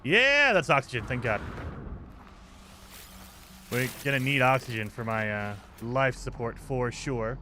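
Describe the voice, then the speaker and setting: A man's voice: mid-range voice, lively intonation, a little slow, long pauses, bright, forceful tone, a little hiss or hum. A man streaming a game, chatting casually and rambling through a rant while reading his chat. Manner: rambling, ranting, reads chat aloud.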